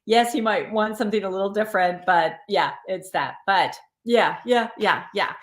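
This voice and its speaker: A woman's voice: medium pitch, normal speed, roomy sound. A woman hosting a live card reading, chatting and encouraging viewers by name. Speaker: tarot reader and live stream host.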